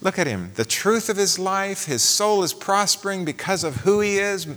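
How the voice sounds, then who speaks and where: A man's voice: sits high, expressive, moderate pace, a bit bright, big-room sound. A man preaching a sermon, posing rhetorical questions and reading scripture aloud.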